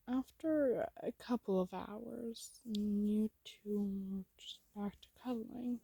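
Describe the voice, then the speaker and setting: Slow, husky woman in whispered role-play. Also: mid-range voice, dry recording. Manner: soft and intimate, second-person storytelling. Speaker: narrator.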